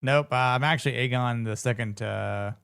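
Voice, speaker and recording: A man's voice: mid-range voice, moderate pace, vocal fry, fairly bright tone, smooth, no echo. A man giving casual reaction commentary on a TV episode, blunt, profane and joking. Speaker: show reviewer.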